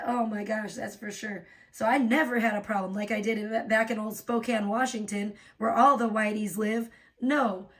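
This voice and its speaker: A woman's voice: fairly high pitch, recorded from a distance. A woman hosting a livestream, ranting in a profane, rambling way and laughing often. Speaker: livestream host. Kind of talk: casual livestream rant.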